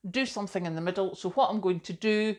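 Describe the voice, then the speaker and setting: A woman's voice: mid-range voice, quick pace. A middle-aged woman, chatting casually to camera as a vlogger, self-deprecating and full of asides.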